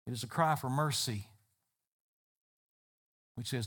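A man's voice: medium pitch, a little slow, pauses often, a bit bright, breathy edge. A man preaching a sermon as a pastor, building emphatic repeated phrases. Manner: emphatic, repetitive preaching cadence.

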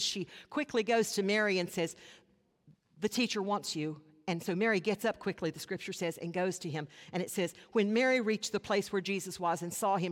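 A woman pastor delivering a sermon, earnest, with rhetorical questions and dramatic pauses. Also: mid-range voice. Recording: long hall reverb.

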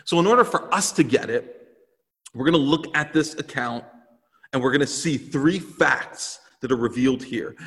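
In a church sanctuary with long hall reverb, a pastor delivers an earnest, emphatic sermon built on repeated phrases. The man's voice is medium in pitch with a fairly bright tone.

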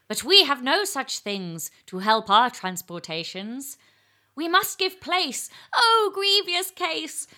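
A woman's voice: sits high, pushed and bright, voice pushed up, exaggerated voice. A woman playing Edwin the eel, declaiming. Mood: rousing. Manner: theatrical, declaiming verse. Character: Edwin, a male lamprey eel lamenting his drained fens. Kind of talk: dramatic poem recitation.

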